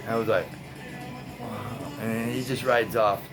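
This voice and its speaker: A laid-back man talks straight to his viewers, stretching out his words and filling them with "man" and "you know." Music plays clearly behind his voice. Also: on the low side, fairly even intonation, fairly quick, low-quality recording. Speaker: tie-dye video host. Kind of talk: casual storytelling to viewers.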